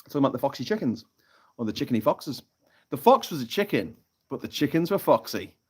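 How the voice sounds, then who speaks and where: A man's voice: medium pitch, very animated, a little fast, slightly rough. Brief: male stream host, casual and sweary, chatty joke-teller, mid-range voice. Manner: chatty and sweary, telling jokes with lots of laughter. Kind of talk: casual live-stream chat reading out chat comments. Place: off-grid tropical island, from a hammock.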